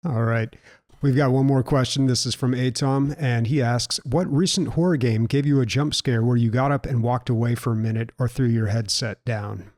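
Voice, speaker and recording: A man co-hosting a gaming podcast in a low-key, dry way of talking, reading listener questions out in turn. His voice sits at an ordinary middle pitch. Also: fairly even intonation, normal speed, darkish tone. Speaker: podcast co-host. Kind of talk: casual chat.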